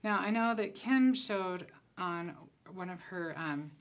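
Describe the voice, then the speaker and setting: A concept designer speaks slowly in a voice on the low side as she demonstrates crafts at her table. Her casual tutorial is chatty and relaxed, and she thinks aloud while working.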